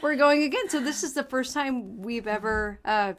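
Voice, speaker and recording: A woman co-hosting a casual podcast talks in a chatty, animated way with a somewhat high voice. She laughs often and takes care to pronounce her words clearly. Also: moderate pace. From small farming community. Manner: tries to enunciate carefully on mic. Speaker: podcast co-host. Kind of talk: casual chat.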